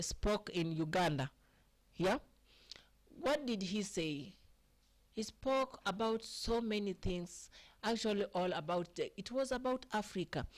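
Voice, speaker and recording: A woman with a Kenyan accent hosting a casual live stream, chatting with viewers by name and often asking "eh?". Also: fairly high pitch. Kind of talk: casual live chat mixing English and Swahili.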